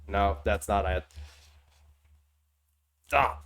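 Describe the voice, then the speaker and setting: A male streamer giving casual commentary during a live game stream, thinking out loud in a self-deprecating way. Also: medium pitch, measured pace.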